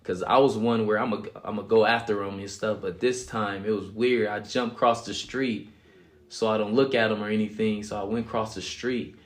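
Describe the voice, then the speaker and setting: A man's voice: fairly low pitch, steady tone, brisk. A young man casually telling his life story as a guest, acting out quotes and laughing often. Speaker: guest sharing his testimony.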